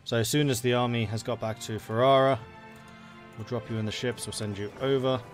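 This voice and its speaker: A man's voice: medium pitch, steady tone, brisk, over music. Chatty man streaming a strategy game. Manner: chatty, thinking aloud with fillers. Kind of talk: casual live gameplay commentary.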